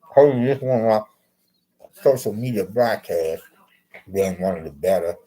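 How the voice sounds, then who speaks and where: Husky-voiced man in a rambling monologue. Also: on the low side, expressive, normal speed, warm tone, low-quality recording. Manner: rambling, repetitive, restarts often. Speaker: social media broadcaster.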